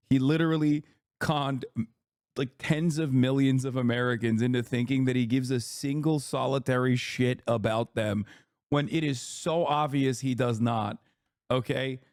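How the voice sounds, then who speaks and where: A man's voice: medium pitch, a little mellow, dry recording, studio quality. A man in his thirties streaming his reactions to a video, mocking it sarcastically and swearing freely. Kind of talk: casual mocking commentary.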